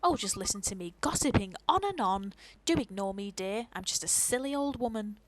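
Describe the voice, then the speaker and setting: A woman's voice: medium pitch, lively intonation, brisk, no room sound, natural voice, low-quality recording. A woman voicing a kindly, gossiping old woman neighbor in a video game, fussing and sympathetic. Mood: gossipy.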